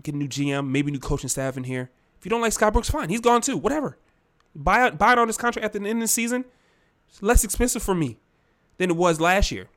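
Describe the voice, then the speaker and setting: A man acting out a sports team owner who speaks in a slightly high, earnest voice as he courts his star player. He piles up promises, then swings between soft coaxing and louder bargaining. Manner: earnest, persuasive, makes big promises.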